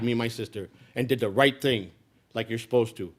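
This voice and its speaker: A middle-aged man from the United States telling his life story bluntly and profanely, dropping to low mutters and then rising to loud outbursts. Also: fairly quick. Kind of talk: raw personal storytelling.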